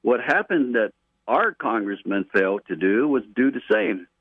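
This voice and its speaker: A man's voice: medium pitch, sing-song, normal speed, no echo. A man with a Guam accent phoning in to a radio show, earnest and explaining his issue at length. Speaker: caller. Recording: tinny phone line, dry.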